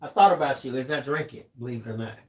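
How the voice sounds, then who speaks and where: A man's voice: medium pitch, quick pace. A man co-hosting a livestream, reading viewer comments aloud and teasing the host in dry banter.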